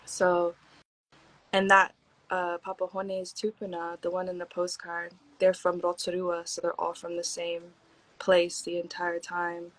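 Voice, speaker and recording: A woman's voice: fairly low pitch, completely flat delivery, measured pace, poor audio. A young woman from Hawaii, a podcast guest, telling stories in a laid-back, slangy way with lots of "like" fillers and acted-out quotes. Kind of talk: casual storytelling chat.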